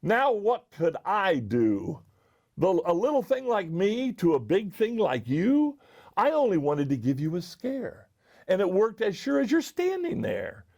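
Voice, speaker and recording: A man's voice: sits high, huge pitch swings, measured pace, gravelly, a little mellow, full character voice. A man voicing a cheeky little gray male mouse in a storybook reading. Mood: teasing. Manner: teasing.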